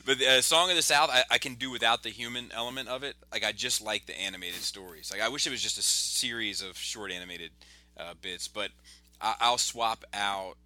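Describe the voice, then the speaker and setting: A man's voice: on the low side, a little fast, no echo. A man hosting a casual podcast chat, telling stories in a loose, swearing way. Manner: animated, swearing storyteller.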